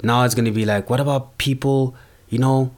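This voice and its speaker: A man's voice: mid-range voice, fairly even intonation, fairly quick, darkish tone. A young man from South Africa talking casually in a rambling, slangy monologue.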